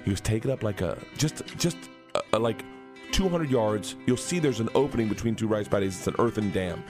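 A man's voice: lowish voice, lively intonation, fairly quick, music in the background. A man telling a long comic story on a morning radio show, acting out the voices of others. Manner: acts out voices, swings loud and laughing. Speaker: comedian guest. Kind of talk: animated storytelling. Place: radio studio.

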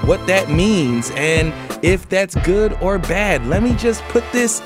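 A man's voice: high voice, lively intonation, slow, music in the background. A man hosting a news podcast, reading stories and then chatting about them with many fillers and restarts. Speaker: podcast host.

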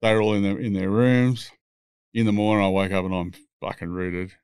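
A man's voice: lowish voice, little pitch movement, brisk, a little mellow, clear, resonant tone, no echo, clean studio sound. A man, telling rambling, swear-filled stories as a podcast guest. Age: 60s. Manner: profane, rambling anecdotes. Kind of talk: casual storytelling.

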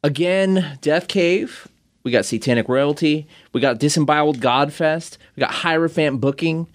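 A man's voice: a little high, moderate pace. A man hosting a casual podcast interview, speaking in a friendly way with hesitant restarts.

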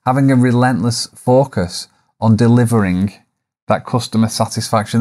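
A man with a somewhat low voice hosts a solo podcast, speaking in a reflective, coaching way. He poses rhetorical questions to his listeners and now and then drops in a self-deprecating aside, with a few fillers along the way. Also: a little mellow. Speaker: podcast host. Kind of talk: solo business podcast monologue.

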